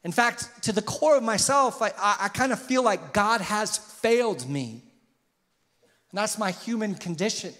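Impassioned pastor in a reverberant church. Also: male voice, animated, unhurried, bright, forceful tone. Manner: impassioned, rises in pitch and volume on questions. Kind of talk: sermon. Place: church sanctuary. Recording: long hall reverb.

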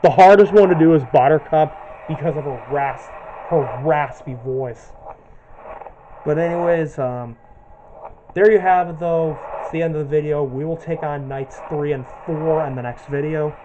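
A man's voice: a little high, moderate pace, lo-fi sound, background noise. Chatty man narrating his gameplay. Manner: chatty, narrates each move. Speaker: gaming channel host. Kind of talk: casual gameplay commentary.

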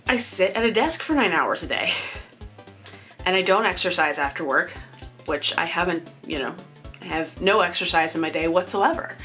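A woman in her thirties talks in a chatty, candid way, often laughing at herself, and sounds tired. Her voice sits fairly low. Faint music plays underneath. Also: fairly bright tone. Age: 30s. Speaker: vlogger. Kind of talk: casual personal update.

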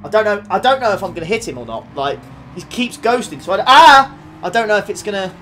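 A young man streaming a racing game, reacting excitably with frequent laughs and quick apologies while talking to his chat. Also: high-pitched, slight background noise. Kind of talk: live racing game commentary. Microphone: desktop USB condenser mic.

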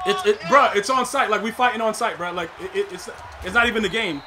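A man streaming a football video game, talking fast and loose in street slang, trash-talking and joking between plays. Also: high-pitched, background noise. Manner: excitable slangy trash talk. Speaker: gaming streamer. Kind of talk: live gameplay commentary.

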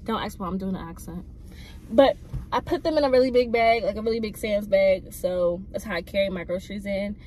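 A woman's voice: mid-range voice, brisk, warm tone, a little hiss or hum. A young woman chatting casually to viewers in a vlog, talking straight at the camera. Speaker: vlogger. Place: car and home.

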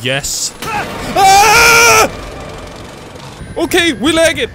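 A young man plays through a horror game, his very high voice leaping up and down as he yelps and curses at each scare. Between frights he drawls slowly and jokes to himself. Game music plays clearly beneath him. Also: very animated. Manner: jumpy, screams and swears at scares, jokes to himself. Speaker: gamer playing a horror game. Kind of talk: let's play commentary. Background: game music and sounds.

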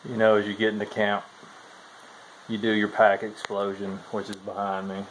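A man's voice: lowish voice, monotone, normal speed, a bit bright, a little hiss or hum, poor audio. A man talking casually to his camera while camped outdoors on a long hike, easygoing and chatty, saying "y'all" a lot. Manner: laid-back Southern-style talk with "y'all". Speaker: thru-hiker vlogger. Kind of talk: casual vlog chat. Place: outdoors at a forest trail shelter.

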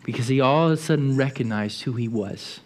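A man's voice: mid-range voice, fairly quick. A man preaching a sermon in a church, telling the story vividly and often repeating words as he goes.

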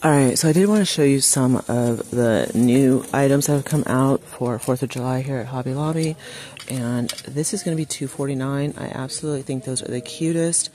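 A man's voice: medium pitch, a little fast, mellow. A man chatting casually and enthusiastically as he walks through a large craft store, reading out prices into a handheld phone. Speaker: shopping vlogger. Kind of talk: casual shop-with-me walkthrough.

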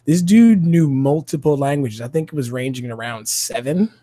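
A man co-hosting a casual panel chat, animated and emphatic, often saying "dude" and "by the way". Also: medium pitch, moderate pace, no echo. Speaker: podcast co-host.

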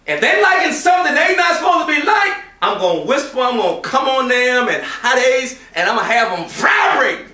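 A man giving a Friday sermon, switching between shouted acted-out voices and hushed, quiet passages. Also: very high voice, very animated, brisk, hardly any pauses. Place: mosque prayer hall. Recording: echoey room from a distance.

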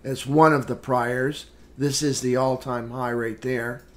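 A man hosting a live trading room, calmly talking through market charts with casual fillers. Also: mid-range voice. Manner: unhurried, plain chart commentary with fillers. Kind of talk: live market recap walkthrough.

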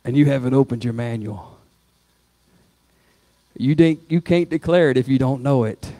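A man preaching a sermon as pastor, swinging from loud rising exhortation to quiet spoken prayer. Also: medium pitch, normal speed, no room sound. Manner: preaching with rising shouts, then hushed prayer. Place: church sanctuary.

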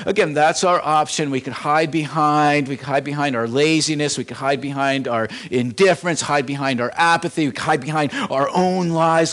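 A man preaching a sermon in a church in a conversational way, often repeating and restarting phrases, swinging between emphatic lines and hushed ones. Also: fairly high pitch. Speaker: pastor. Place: church sanctuary.

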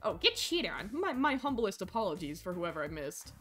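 A woman streaming a survival game live, chatting with viewers and yelling at the game, swinging from low mumbles to shrieks. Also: sing-song, a little fast, faint music behind.

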